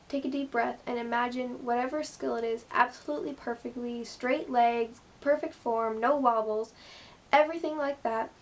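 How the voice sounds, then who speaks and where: Chatty high-voiced woman giving advice. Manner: chatty, lots of "like" and "you know". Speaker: gymnast vlogger. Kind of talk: casual advice vlog.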